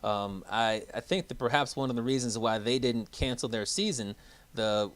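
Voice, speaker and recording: A man's voice: mid-range voice, normal speed, a bit bright. A man co-hosting a sports podcast with easygoing, chuckling banter. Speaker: podcast co-host. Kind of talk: casual sports talk.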